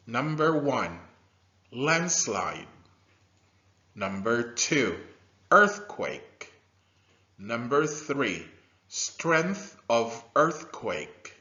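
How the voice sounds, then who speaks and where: A man teaching a scripted science lesson to young learners, slow and animated, with drilled repetition and loud praise. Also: mid-range voice. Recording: dull lo-fi recording.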